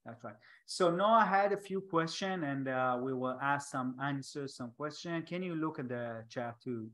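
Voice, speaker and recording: A podcast host with an Israeli accent talks over a video call. He is a man whose first language is Hebrew, and his English comes in halting bits with restarts and odd grammar. His voice sits at a middle pitch. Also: fairly bright tone. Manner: halting, restarts often, non-native grammar.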